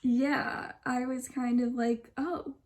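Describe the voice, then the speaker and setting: A woman's voice: fairly high pitch, steady tone, moderate pace, dark tone. A young woman telling a personal story in a casual, chatty vlog, full of asides, dropping into whispers for quoted lines. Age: young adult. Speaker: vlogger.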